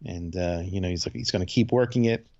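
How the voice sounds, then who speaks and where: A man's voice: low voice, darkish tone. Laid-back man recapping an episode, lo-fi sound. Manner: loose, laid-back storytelling with quick impressions of characters. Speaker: podcast co-host. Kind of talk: casual chat recapping a TV episode.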